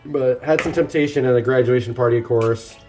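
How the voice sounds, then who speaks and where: A man's voice: medium pitch, fairly quick, a little mellow, faint music behind. A man live-streaming himself cooking, chatting casually and joking at his own expense as he works. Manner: chatty and self-deprecating, talking to chat while working. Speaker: livestreamer cooking meal prep. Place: home kitchen.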